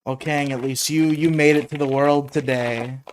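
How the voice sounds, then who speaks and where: A man's voice: on the high side, steady tone, normal speed, a little hiss or hum. A young man hosting a live talk show, joking, swearing freely and laughing often. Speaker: podcast host. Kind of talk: casual chat on a live show.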